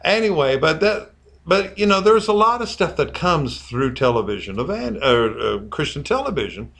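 A man's voice: a little high, big pitch swings, moderate pace, creaky, a bit bright. A man co-hosting a casual church discussion podcast, telling rambling anecdotes that drift from one example to the next. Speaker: podcast co-host.

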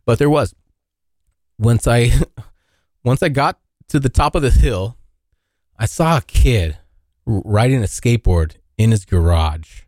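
A man's voice: medium pitch, unhurried, pauses often, no echo, studio quality. A young man from Washington State hosting his own podcast, telling a rambling, profane story in a casual solo chat. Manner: rambling, profane, animated when acting out scenes. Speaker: podcast host.

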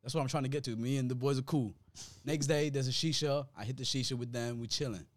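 A young man telling a story in casual podcast chat, animated and slang-heavy, often laughing. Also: medium pitch, fast talker.

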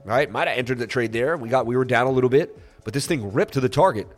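A man's voice: medium pitch, quick pace, soft background music. Emotional male crypto streamer, stuffy from crying. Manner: emotional, then salesy and boastful. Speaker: crypto trading livestream host. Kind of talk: emotional, rambling live-stream talk.

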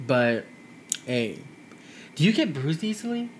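A man co-hosting a casual podcast chat, excitable and rambling, with playful asides. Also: on the high side, a little slow, slight background noise. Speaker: podcast co-host.

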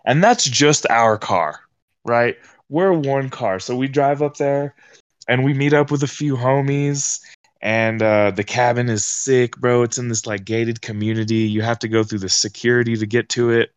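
A man's voice: medium pitch, fairly even intonation, moderate pace, clean tone, no echo. Young male podcast guest, casual slangy storyteller, dry sound.

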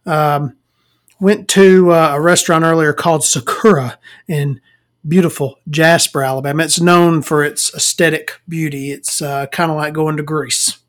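A tired man hosting a solo podcast from a small dark room at home, talking casually into a desk microphone and rambling between jokes with lots of fillers. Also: on the high side. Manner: rambling and joking, with many fillers. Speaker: podcast host.

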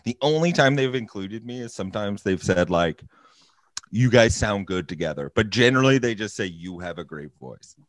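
A man's voice: lowish voice, expressive, normal speed, no room sound, studio quality. A young man co-hosting a podcast, rambling and self-mocking in casual chat. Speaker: podcast co-host.

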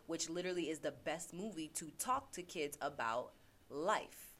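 Recorded through a laptop microphone, this podcast host, also a teacher, has a low voice and an animated delivery at a moderate pace. Her talk on self-reflection is casual yet earnest, with phrases repeated to drive points home.

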